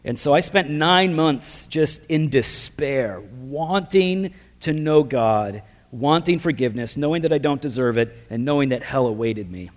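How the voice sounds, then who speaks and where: A man's voice: medium pitch, animated, a little slow. A man preaching his personal testimony in a casual, self-deprecating storytelling way, full of slang fillers. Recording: long reverb of a large hall.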